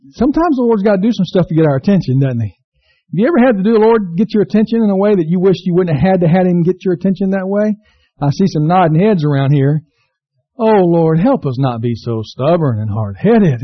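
A high-voiced male preacher delivering a folksy sermon, stretching out words for effect. The recording sounds dull and lo-fi, as if taped in a church. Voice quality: folksy, storytelling.

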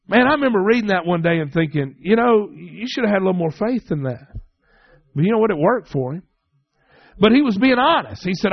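A middle-aged man preaching a sermon, telling stories and acting out the dialogue with lively emphasis. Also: on the high side, moderate pace, no echo, lo-fi sound. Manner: storytelling, animated, acts out dialogue. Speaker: pastor.

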